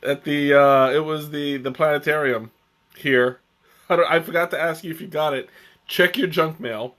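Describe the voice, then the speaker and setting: A man hosting a casual live-stream tea tasting, chatty and joking, who talks haltingly with many restarts and fillers. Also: on the high side, fairly even intonation, fairly bright tone. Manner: chatty and joking, often chuckling.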